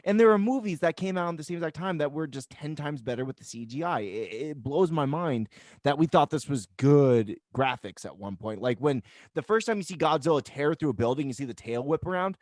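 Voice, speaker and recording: Lively, ranting American male co-host. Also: fairly high pitch, a little fast, dry recording, clean studio sound. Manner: animated, incredulous rants. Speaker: podcast co-host. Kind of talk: casual chat.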